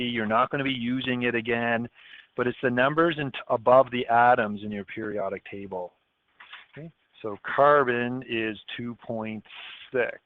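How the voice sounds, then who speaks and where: A man's voice: medium pitch, no echo. A male chemistry teacher giving a recorded lesson, explaining step by step and checking in often with "okay?". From Canada. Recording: dry, tinny phone-like audio.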